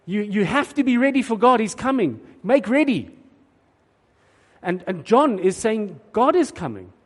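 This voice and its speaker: A man's voice: sits high, lively intonation, a little slow. A man preaching a sermon in an earnest, emphatic way, often repeating words as he starts a thought. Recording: long hall reverb.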